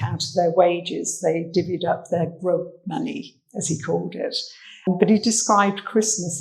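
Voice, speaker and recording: An English woman with a lowish, creaky, mellow voice gives a chatty armchair talk about old photographs at an indoor venue. A social history researcher, she's anecdotal and uses fillers, on a rough recording.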